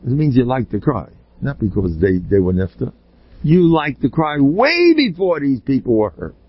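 A man, a rabbi, delivering a blunt and emphatic Torah lecture full of rhetorical questions, often pushing up into high exclamations. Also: very animated, moderate pace, husky, no echo. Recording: slightly dull, lo-fi recording.

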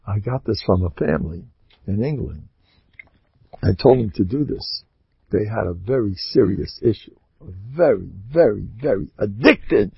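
Male rabbi, informal sermon. Raspy and gravelly, talks straight to the crowd. Dry, muffled lo-fi sound. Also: on the low side, very animated, moderate pace, no room sound. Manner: exhorting, conversational, addresses listeners directly.

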